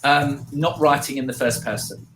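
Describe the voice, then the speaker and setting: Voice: medium pitch, moderate pace, a bit bright, a little hiss or hum. A co-host with a South London accent explaining ideas from a book in casual chat, hesitant and full of restarts. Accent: British, South London. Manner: hesitant, many fillers and restarts while explaining. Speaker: podcast co-host. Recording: echoey room.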